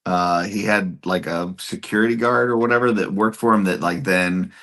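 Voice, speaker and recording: A man's voice: low voice, normal speed, fairly bright tone. A man in his thirties telling funny stories in a casual chat, laughing often. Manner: storytelling, giggles often.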